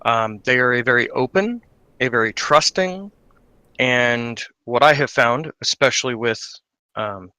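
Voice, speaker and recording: A man's voice: mid-range voice, measured pace, bright, forceful tone, smooth, dry recording. A man running a tabletop game as game master, narrating in character with a rambling, hesitant delivery. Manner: rambling, hesitant with many fillers.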